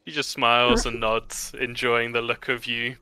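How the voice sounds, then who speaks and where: A man narrating as game master for a tabletop role-play game, describing scenes in a warm, descriptive manner and laughing easily. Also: mid-range voice, flat delivery, moderate pace, smooth, no room sound.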